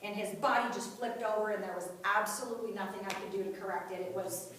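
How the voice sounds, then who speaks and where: A woman's voice: medium pitch, fairly even intonation, fast, a bit bright, slight background noise. A woman giving a personal testimony to a group, telling the story vividly and acting out the voices of the people in it. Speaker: guest speaker at a mothers' group. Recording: echoey room, voice from far off.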